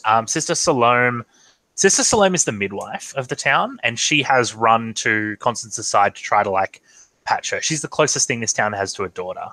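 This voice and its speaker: Man, game master, tabletop game narration, bright voice, lowish pitch, hesitant with ums, video call. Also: no room sound, poor audio. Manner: hesitant, full of ums and restarts. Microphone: online video call.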